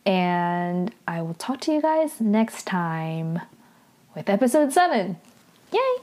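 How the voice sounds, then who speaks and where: A woman's voice: mid-range voice, very animated, slow, darkish tone. A young woman hosting a podcast, recapping an episode casually and animatedly, with lots of 'like' fillers. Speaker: podcast host.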